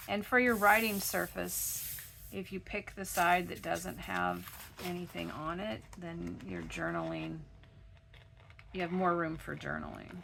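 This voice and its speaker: Woman w a froggy gravelly voice doing a chatty craft tutorial at her desk, kinda lowish, some noise behind. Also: fairly bright tone. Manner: chatty step-by-step explaining while working. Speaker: craft channel host.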